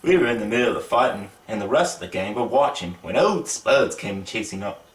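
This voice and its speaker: A man's voice: lowish voice, a little fast, recorded from a distance. A man reads a children's storybook aloud in a put-on British accent, his voice rising and falling with the story. He sits back from the mic in an echoey room. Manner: lively, voices the characters. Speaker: reader of a children's book.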